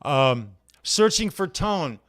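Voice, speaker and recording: A man's voice: a little high, sing-song, takes it slowly, a bit bright, no echo, clean studio sound. A man hosting a casual live show, greeting viewers one by one in a laid-back, friendly way and sounding worn out from hard physical work. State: worn out from heavy physical labor.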